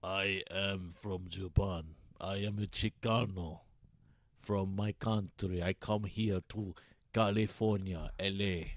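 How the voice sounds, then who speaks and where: Mock anime hero, young man, stiff broken English, slow and low-ish, voiced by a man. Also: steady tone, no echo.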